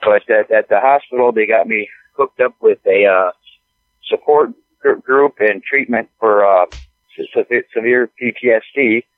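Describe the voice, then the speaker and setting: A man talking as a podcast guest, halting and stammering, often repeating words as he speaks. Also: fairly low pitch, no room sound. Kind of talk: casual conversation. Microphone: phone call. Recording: tinny phone line, dry.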